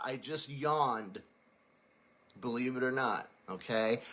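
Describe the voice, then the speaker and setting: A man's voice: mid-range voice, takes it slowly, sharp tone. A man teaching a singing lesson, explaining technique and then singing short vowel drills to demonstrate. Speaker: vocal coach.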